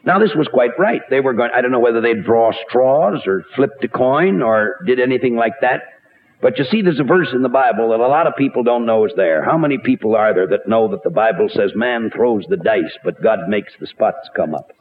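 A man preaching a radio sermon, animated and rhetorical, with wide swings in pitch. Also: brisk. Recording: tinny narrow-band radio recording.

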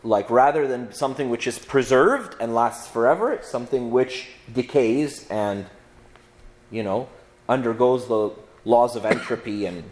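A man's voice: mid-range voice, measured pace, a little mellow. A man, a priest, giving a conversational Bible teaching, with many restarts and frequent "right?" asides to his listeners.

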